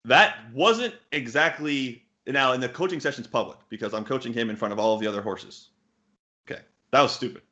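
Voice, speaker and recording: A man's voice: medium pitch, fairly quick, sharp tone. A man in his thirties, a poker coach, answering interview questions bluntly, swearing casually and full of fillers and restarts. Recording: muffled lo-fi audio.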